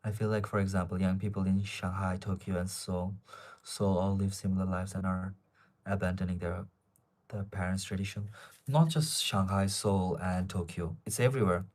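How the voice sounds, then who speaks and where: A man's voice: sits low, little pitch movement, normal speed, a little mellow. A man in his twenties with an Asian accent in English, chatting on a live stream and reading viewers' questions aloud before answering them in a rambling way. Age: 20s.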